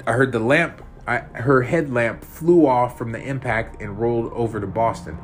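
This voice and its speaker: A man's voice: mid-range voice, moderate pace, soft background music. A man narrating a first-person horror story, tense and profane.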